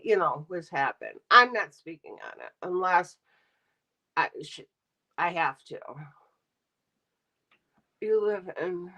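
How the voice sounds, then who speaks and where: A middle-aged woman streams live, bluntly and sarcastically ranting in a casual way as she talks to her chat. Her mid-range voice is bright and forceful, and the recording quality is low.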